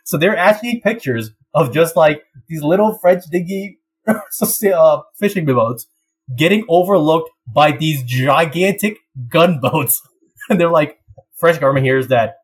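Young guy chatting, laughs a lot while he tells it, fairly high voice, faint hum behind. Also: measured pace, rough recording. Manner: animated storytelling, laughs often, slips into voices. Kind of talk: casual chat.

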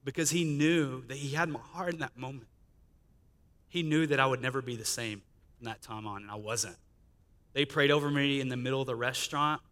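A man's voice: mid-range voice, fairly quick, fairly bright tone. A man telling his life testimony as a guest speaker, storytelling in a chatty way with quoted dialogue. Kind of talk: testimony sermon. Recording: reverberant church hall.

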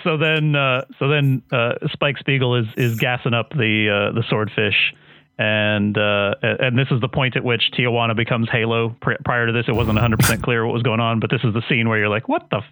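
A man's voice: medium pitch, steady tone, brisk, dry recording. A man co-hosting a podcast, recapping a story in casual chat with lots of fillers and restarts. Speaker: podcast co-host recapping an episode. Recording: dry, tinny phone-like sound.

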